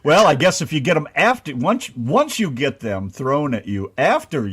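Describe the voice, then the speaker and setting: An older American man co-hosting an interview, joking and bawdy, with drawn-out phrasing. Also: fairly high pitch, big pitch swings, a bit bright, breathy edge. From USA. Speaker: co-host. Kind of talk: casual interview banter.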